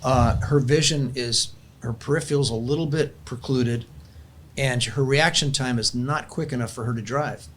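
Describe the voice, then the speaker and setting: A man's voice: medium pitch, moderate pace, a bit bright, slight background noise. An older man, a grandfather and podcast guest, telling a heartfelt family story in an earnest, conversational way and closing in prayer.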